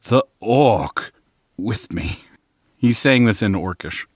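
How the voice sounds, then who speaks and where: Male player, low and slow, deadpan, dead-dry recording. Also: no room sound. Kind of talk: casual chat.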